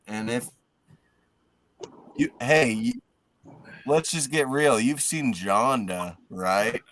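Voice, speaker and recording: Brief: mellow co-host, drawn-out casual bro talk, dry room. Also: male voice, mid-range voice, dry recording. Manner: laid-back, says bro and man a lot. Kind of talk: casual chat.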